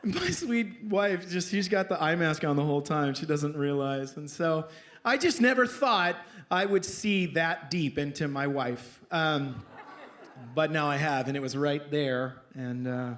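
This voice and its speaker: A pastor telling a humorous personal story in a sermon, animated and self-mocking, often laughing at his own jokes. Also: on the high side, unhurried. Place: church.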